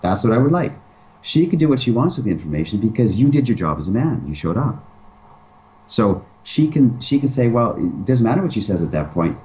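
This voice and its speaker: A man's voice: fairly low pitch, sing-song, fairly quick, dark tone, low-quality recording. A man talking casually as an interview guest, emphatic and acting out pickup lines. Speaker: dating advice guest.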